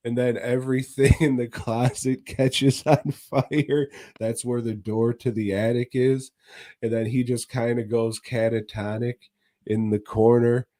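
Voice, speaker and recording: A man on a podcast recaps a movie in loose, profane chat, laughing often and tossing in quick mock voices. His pitch sits in an everyday middle range. He talks at an unhurried pace. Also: little pitch movement, dark tone. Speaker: podcast co-host.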